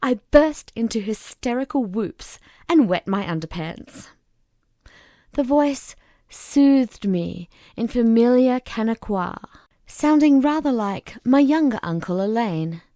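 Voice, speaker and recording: Brief: woman audiobook reader, unhurried and animated, slightly high, dry close sound. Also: no echo. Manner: slow, expressive narration. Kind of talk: reading a novel aloud.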